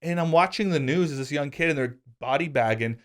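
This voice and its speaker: A man in his thirties hosting a podcast, telling casual stories with self-deprecating humor. He gets animated, and his voice jumps high when he quotes himself. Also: a little fast. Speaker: podcast host. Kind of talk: casual conversational storytelling.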